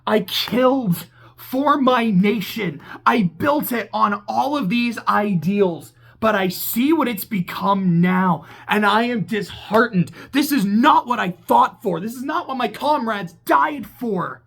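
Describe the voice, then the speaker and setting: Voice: mid-range voice, lively intonation, takes it slowly, creaky, a bit bright, exaggerated voice. A game reviewer voicing an imagined disillusioned war hero who vows to start a revolution again, in an earnest, solemn tone.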